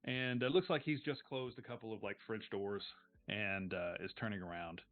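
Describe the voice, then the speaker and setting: A man's voice: on the low side, normal speed. A man narrating a tabletop role-playing game as game master, in a casual way full of fillers. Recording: tinny phone-like stream audio.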